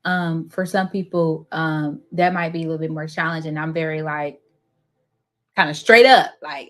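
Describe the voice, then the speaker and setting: Lower-voiced woman talking real blunt and straight up, casual. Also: steady tone, brisk, a bit bright. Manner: blunt, frank, laughing often. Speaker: panel guest. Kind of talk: casual live Q&A chat.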